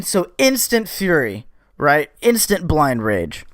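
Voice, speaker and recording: A male podcast host spins a rowdy anecdote at an unhurried pace, loose and profane, his voice climbing in volume as the tale heats up. The sound is close and dry, with no room around it. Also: on the high side, no echo. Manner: animated, profane, gets louder as the story builds. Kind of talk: casual storytelling monologue.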